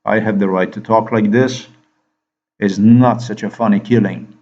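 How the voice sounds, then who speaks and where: Low-voiced man, agitated rambling monologue, muffled lo-fi sound. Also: steady tone, moderate pace, warm tone. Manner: agitated, repetitive, addresses the listener with questions. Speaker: vlogger.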